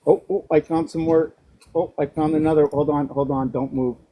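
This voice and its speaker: A man in his forties rambling playfully to his dog and working through letter-number sums out loud. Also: a little high, steady tone, moderate pace, a little hiss or hum, rough recording. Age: 40s. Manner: rambling, playful, talks to the dog in a sing-song way. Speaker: vlogger.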